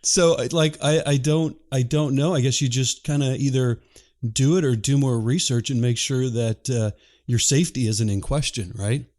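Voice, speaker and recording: Male host, mid-range pitch, chatty and self-deprecating in casual talk. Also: normal speed, a little mellow. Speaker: podcast host. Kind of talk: casual interview chat.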